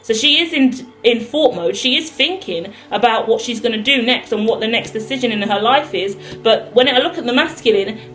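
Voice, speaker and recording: A woman's voice: a little high, fairly bright tone, rough recording. A British woman giving a spoken tarot reading in a blunt manner, swearing freely as she lays out the cards. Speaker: tarot reader.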